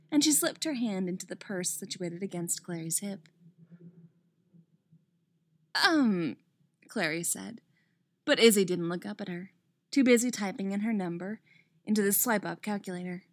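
In a mid-range voice at normal speed, a woman reads fan fiction romance aloud, expressive and quick to blurt startled asides and swear words while she reads. There's no echo.

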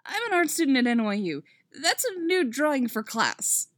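Woman voicing a nervous young art student girl, rambling, high, lively, dry sound. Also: dry recording. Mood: flustered. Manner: flustered, rambling, quick.

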